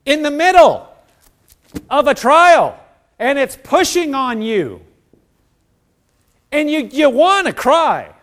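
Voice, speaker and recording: High-voiced man preaching a sermon. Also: big pitch swings, takes it slowly, pauses often, a bit bright. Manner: earnest, acts out prayers in quoted voices.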